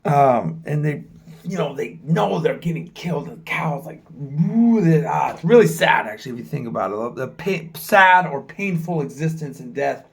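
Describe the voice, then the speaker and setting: A gravelly, animated voice on the high side belongs to an American travel vlogger in his forties, speaking at a moderate pace. Filming himself on his camera mic, he rambles frankly and swears freely.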